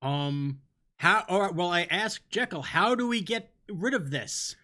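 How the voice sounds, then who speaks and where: Casting: jokey tabletop player, lively up-and-down pitch. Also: unhurried. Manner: playful, jokey. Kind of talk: casual tabletop play.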